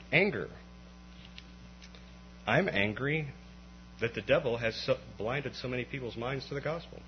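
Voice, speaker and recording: Guy preaching a sermon, voice jumps all over when he gets fired up, kinda muffled lo-fi recording. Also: mid-range voice. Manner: animated, swings from quiet to impassioned rising outbursts. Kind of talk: conversational sermon. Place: evening church meeting. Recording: dull lo-fi recording with faint mains hum.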